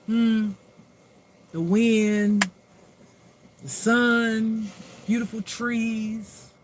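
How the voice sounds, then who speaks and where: A spiritual intuitive reader chatting casually, praying and pulling cards in a slow, drawn-out, prayerful way. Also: mid-range voice, flat delivery, noisy background. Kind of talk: casual chat and card reading.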